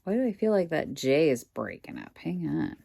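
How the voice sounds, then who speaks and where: A woman's voice: sits low, sing-song, moderate pace, vocal fry, warm tone, breathy edge, no echo. A woman reselling goods online, casually thinking aloud at home with wry asides to her viewers. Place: indoors at home.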